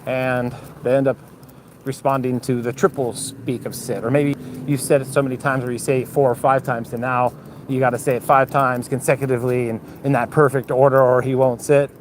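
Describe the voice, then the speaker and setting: A man's voice: medium pitch, level tone, brisk. A man chatting casually on a livestream while walking his dogs outdoors, swearing freely and talking to the dogs between remarks. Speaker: dog breeder vlogger. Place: outdoors on a city street. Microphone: phone held while walking. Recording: outdoor street noise, traffic. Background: traffic and street noise.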